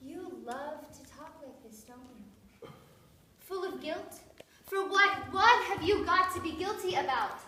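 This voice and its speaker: A woman's voice: extremely high pitch, lively intonation, unhurried, pushed and bright, heavily acted. A young woman playing an earnest, anxious young woman in love, who pleads and presses with questions in a stage scene. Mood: probing. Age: young adult. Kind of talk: stage acting. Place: stage in a theatre. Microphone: far camera. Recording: echoey room from far off, faint noise.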